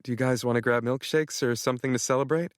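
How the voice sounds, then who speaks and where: A man voicing a cheerful, friendly young woman in an audiobook, speaking brightly and quickly. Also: medium pitch, fairly even intonation, no room sound, studio quality, pitched above the performer's own voice, close to an everyday voice.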